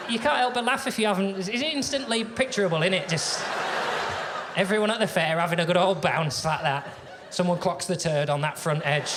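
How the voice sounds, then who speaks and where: Wry, conversational stand-up comedian, male, on stage; audience noise clearly audible in a reverberant theatre. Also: on the high side. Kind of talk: stand-up routine.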